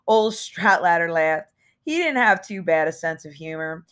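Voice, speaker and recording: A woman's voice: lowish voice, expressive, normal speed, a bit bright, clear, resonant tone. Woman reading a novel aloud, casually. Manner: casual, sardonic, conversational. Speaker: audiobook reader. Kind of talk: first-person novel narration.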